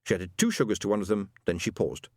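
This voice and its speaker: Expressive male audiobook narrator, dry sound. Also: fairly low pitch, fast, no room sound. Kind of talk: scripted narration.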